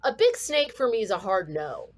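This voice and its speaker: A woman's voice: medium pitch, huge pitch swings, moderate pace. A woman from St. Louis, a comedian guest, chatting casually and telling stories with lots of animation, acting out the voices of people she quotes. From St. Louis, USA. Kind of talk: casual chat.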